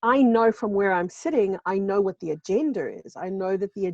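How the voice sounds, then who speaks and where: An emphatic woman from South Africa talks over a video call, her voice mellow and dark. The sound is dry and somewhat dull, with no room around it. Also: medium pitch, animated, normal speed, no room sound. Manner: emphatic, repeats phrases for stress. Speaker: show co-host. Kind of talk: casual video-call chat. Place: home in a seaside village.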